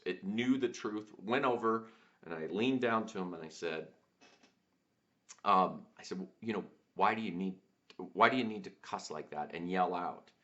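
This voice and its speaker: On his own show, a podcast host with a very low voice shares a personal story, reflective and searching as he goes. He stops often, plugs the gaps with fillers and restarts sentences, his tone fairly bright. The audio comes across dull and lo-fi.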